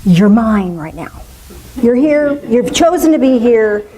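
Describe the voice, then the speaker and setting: Playful, high-voiced woman minister. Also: lively intonation, slow, low-quality recording. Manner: warm, playful, musing aloud with asides. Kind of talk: spiritual talk to a congregation.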